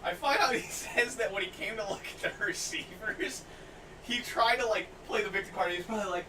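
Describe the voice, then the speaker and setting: A young man hosting a podcast, telling stories in an animated way, laughing often and loudly acting out what people said. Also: high-pitched, brisk. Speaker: podcast host. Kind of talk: casual storytelling chat. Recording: distant mic, faint noise.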